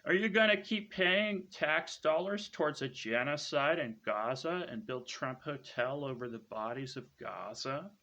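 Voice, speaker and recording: A man's voice: on the high side, pushed and bright. A man ranting to his viewers in a smug, scornful lecturing tone, ending claims with "right?". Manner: lecturing, repeats "right?" after each claim. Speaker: online commentator.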